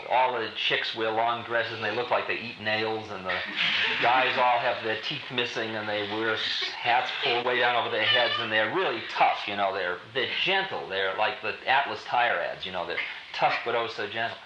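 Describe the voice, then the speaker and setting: A man spins a long spiritual anecdote in loose, hip slang, laughing as he goes. The old recording sounds dull and lo-fi, with a roomy echo under the voice. Loud hiss runs beneath it throughout. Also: fairly low pitch, moderate pace. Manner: laughing, hip casual slang, animated storytelling. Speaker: spiritual teacher telling a story to an audience. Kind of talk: storytelling talk.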